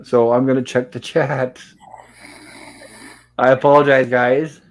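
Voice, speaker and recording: A man's voice: mid-range voice, level tone, a little slow, highs cut off. Chatty male livestream host. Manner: chatty, narrates scenes and reads chat aloud with small laughs. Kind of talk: casual live commentary reading chat.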